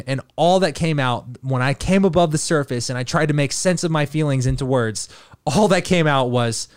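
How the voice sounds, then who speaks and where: A man's voice: a little high, smooth, no room sound, clean studio sound. A man hosting a podcast, telling a rambling casual story full of fillers and swearing. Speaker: podcast host.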